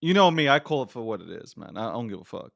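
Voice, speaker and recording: A man hosting a casual talk show, blunt, profane and excitable. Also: medium pitch, fast talker, vocal fry, no echo, clean studio sound. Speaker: podcast host. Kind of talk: casual chat.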